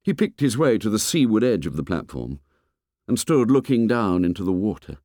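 Expressive male audiobook narrator, dry sound. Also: fairly low pitch, normal speed, no echo. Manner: expressive, storytelling. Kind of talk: scripted narration.

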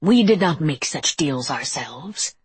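A woman voicing a rasping defiant monster. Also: sits low, expressive, slow pace, no room sound, heavily acted. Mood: bitter. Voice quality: rasping, whispery growl.

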